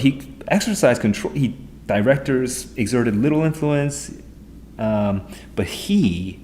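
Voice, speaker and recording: A man streaming live as an SAT tutor, thinking aloud in an excitable, rambling way as he walks through test questions at his computer. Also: mid-range voice, slow pace, a little hiss or hum.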